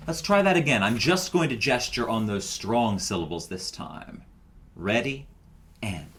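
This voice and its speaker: A man's voice: lowish voice, lively intonation, a little slow, a bit bright. A man recording a choir rehearsal lesson as its director, explaining each step patiently.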